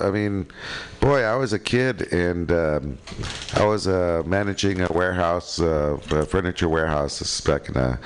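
A man's voice: low voice, clean tone. A middle-aged American man from California, chatting casually and rambling with lots of fillers. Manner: rambling, full of fillers and "you know". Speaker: radio show co-host. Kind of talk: casual chat.

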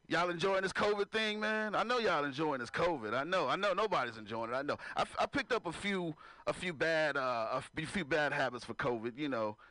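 Lively high-voiced male stand-up comic. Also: moderate pace. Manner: loose, conversational, laughs at own jokes, asks crowd to clap. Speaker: stand-up comedian. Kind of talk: stand-up comedy set. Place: live comedy venue with audience.

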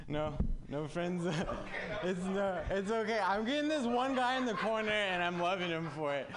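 A man's voice: high-pitched, expressive, moderate pace, a crowd in the background. Young man doing casual stand-up. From Southern California. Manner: conversational, wry, addresses audience as guys. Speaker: stand-up comedian. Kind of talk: stand-up comedy set. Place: live comedy venue with audience.

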